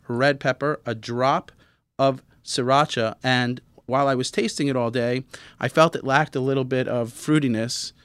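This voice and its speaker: A man's voice: mid-range voice, a bit bright, smooth, no room sound. A man who is a chef guest, explaining a cooking demonstration in an easygoing, plain way in a studio. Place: radio studio.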